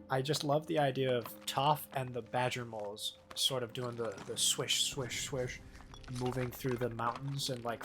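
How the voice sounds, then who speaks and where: A man's voice: medium pitch, noisy background. A man casually chatting with viewers while he plays a game on a live stream, rambling and poking fun at himself. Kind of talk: casual live gameplay commentary.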